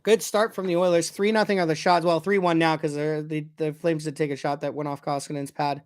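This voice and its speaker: Excitable male hockey fan calling plays. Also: on the high side, fairly quick. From Canada. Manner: excitable, swears, shouts at goals. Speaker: fan commentator. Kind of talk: casual play-by-play watch-along.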